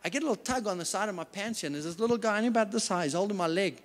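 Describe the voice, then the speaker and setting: A man with a notably high voice delivers a faith-based business talk as a company CEO. He tells stories earnestly, with emphatic stress. The sound comes from a large event hall with a long, lingering reverb. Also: very fast.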